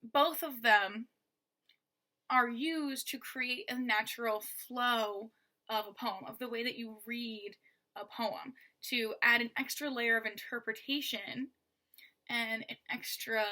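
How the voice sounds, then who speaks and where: A woman gives a patient lesson, leaning on syllables to show where the stress falls. Her voice sits a little high and sounds bright and forceful. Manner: patient, stresses words to demonstrate. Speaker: teacher. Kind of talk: explaining poetry lesson.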